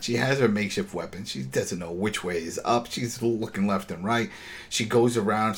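A man hosting a casual episode recap, ranting in an animated, exasperated way, swearing and acting out bits of the scenes. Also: low-pitched. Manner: acts out character lines in quick impressions.

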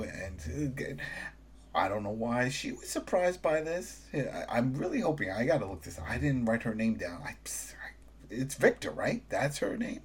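Husky-voiced man recapping with exasperation. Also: moderate pace. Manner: animated, rising high when exasperated, voices characters in quotes. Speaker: podcast co-host. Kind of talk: casual chat recapping a TV episode.

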